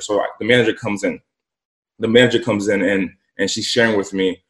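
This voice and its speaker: A young man as an interview guest, telling a story in a lively, slangy way with lots of repeated words. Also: fairly low pitch, brisk. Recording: roomy echo.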